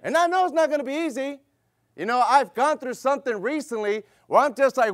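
A man's voice: very high-pitched, animated, a little fast, a bit bright, dry recording, studio quality. A middle-aged man preaching as pastor, emphatic and repetitive, calling for amens and telling a family story. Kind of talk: sermon with personal story.

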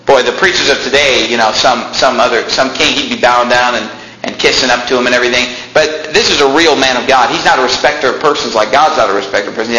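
A man preaching a sermon, animated and emphatic, jumping up in pitch when he voices Bible figures. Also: fast, echoey room, a little hiss or hum, low-quality recording. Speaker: pastor.

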